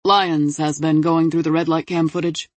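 A woman's voice: deep voice, little pitch movement, moderate pace, no echo. A woman voicing a male detective briefing his team in a matter-of-fact tone. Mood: businesslike. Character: male detective reporting case findings.

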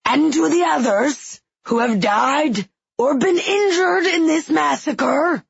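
A woman voicing an ancient, raspy, commanding undead male king in a storybook. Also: sits high, slow pace, dry recording, lo-fi sound, voice pushed up, full character voice.

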